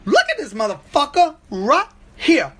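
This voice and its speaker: A man's voice: extremely high pitch, wildly swooping pitch, measured pace, pushed and bright, voice pushed up, heavily acted. A man voicing a brash street-talking female dog. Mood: incredulous. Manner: brash, swaggering.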